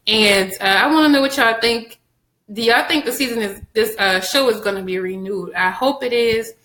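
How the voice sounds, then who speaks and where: A woman recapping a TV episode for her viewers, chatty and animated, addressing them directly and laughing often. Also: a little high, moderate pace, roomy sound, low-quality recording. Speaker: TV show reviewer.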